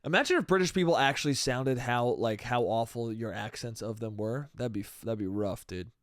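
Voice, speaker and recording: A man's voice: medium pitch, fairly quick, fairly bright tone, no room sound, clean studio sound. A young man hosting a solo comedy podcast, rambling loosely and profanely, calling everyone "dude" and "bro". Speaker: podcast host.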